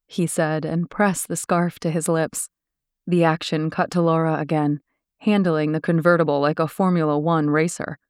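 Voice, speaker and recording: A woman reading an audiobook in steady, descriptive scripted narration. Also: low-pitched, dry recording, studio quality.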